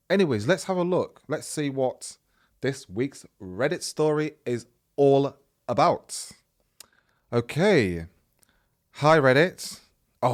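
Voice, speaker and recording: A man's voice: mid-range voice, no echo, clean studio sound. A young man hosting a podcast, reading a listener's story aloud in a casual, chatty way and often breaking off to comment.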